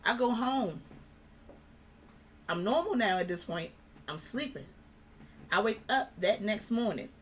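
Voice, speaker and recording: A young adult woman, a guest in an interview, telling a story in an animated way and acting out the people she quotes. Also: medium pitch, unhurried, pauses often, a little hiss or hum.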